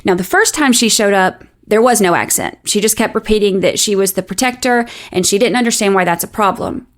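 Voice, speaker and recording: On her true-crime podcast, a woman reads a scripted story in a measured, explaining tone touched with light sarcasm. Her voice is medium in pitch.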